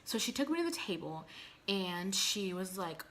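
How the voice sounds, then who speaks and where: A young adult woman recounts a story for her vlog audience with a bright, forceful tone. She talks animatedly and drops "like" into nearly every sentence. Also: medium pitch, normal speed, slight background noise. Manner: animated storytelling with frequent "like" fillers. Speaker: vlogger.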